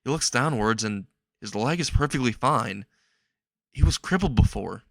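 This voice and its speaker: A man improvising the narration of a fan-fiction story, in a halting, repetitive way with frequent restarts. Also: mid-range voice, lively intonation, creaky, a bit bright, dry recording.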